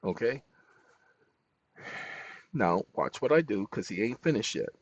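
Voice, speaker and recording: A man's voice: fairly low pitch, expressive, measured pace, slightly rough, no room sound. A man hosting a tutorial, dictating prompts aloud with spoken punctuation between loose, chatty asides. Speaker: channel host. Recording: dull lo-fi recording.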